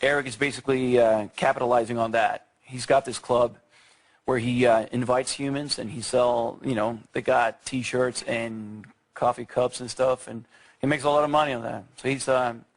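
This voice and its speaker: A man's voice: mid-range voice, steady tone, normal speed. A man in his thirties whose first language is Swedish, answering questions in a TV studio interview, hesitant with many fillers and restarts. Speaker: actor guest.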